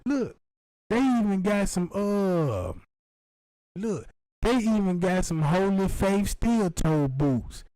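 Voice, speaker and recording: A man's voice: high-pitched, big pitch swings, slow, mellow, dry recording, rough recording. A man rambling through a profane comic monologue, slipping in and out of put-on voices. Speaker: comedian.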